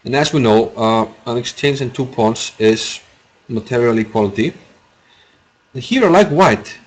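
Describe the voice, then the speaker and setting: A man's voice: mid-range voice, animated, moderate pace. Man, casual rambling chess commentary, mid-range voice, chatty with viewers. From Iceland. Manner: rambling, chatty, answers chat, laughs often. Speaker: chess streamer commentating a live game.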